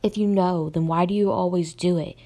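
A woman's voice: lowish voice, fairly even intonation, fairly quick, warm tone. A young woman voicing an angry, abusive father in her storybook reading, harsh and menacing.

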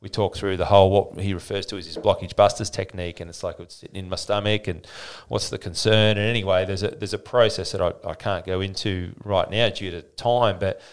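Speaking fairly quickly with few pauses, a podcast guest who owns a fitness business spins rambling, lively stories in a relaxed interview, frequently starting over. His voice is deep and clean in tone.

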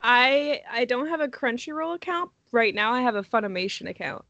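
Young woman, casual podcast guest, amused, self-deprecating, fairly high voice, dry. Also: animated, brisk, sharp tone, no room sound, muffled recording. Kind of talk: casual chat.

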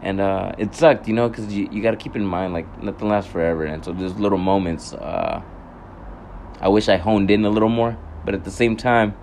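A man's voice: on the low side, fairly even intonation, fairly quick, creaky, a little mellow, slight background noise. A young man telling a casual, rambling story to his viewers, swearing often, correcting himself and laughing at his own anger.

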